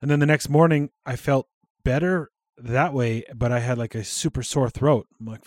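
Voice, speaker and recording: A man's voice: mid-range voice, steady tone, fairly quick, a little mellow, no echo, clean studio sound. Laughing, crude podcast host man. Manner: laughs often, crude jokes, rambling storytelling. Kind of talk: casual comedic podcast chat.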